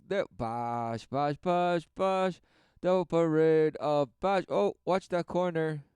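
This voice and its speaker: A man giving sarcastic commentary over video footage, mocking the people he sees with quick scornful voices. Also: on the high side, mellow, clean tone, dry recording. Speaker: religious commentator.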